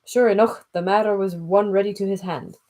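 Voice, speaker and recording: A woman reading aloud and voicing a gruff middle-aged male sea captain with a Scottish accent, rambling in thick dialect. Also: medium pitch, steady tone, a little fast, warm tone, close to an everyday voice. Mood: stubborn. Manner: folksy, rambling dialect storytelling. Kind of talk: audiobook reading.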